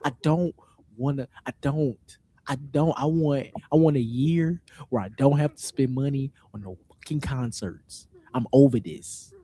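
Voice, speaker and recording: A man's voice: medium pitch, unhurried, mellow. A man co-hosting a podcast, ranting in casual chat and repeating himself. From St. Louis area. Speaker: podcast co-host.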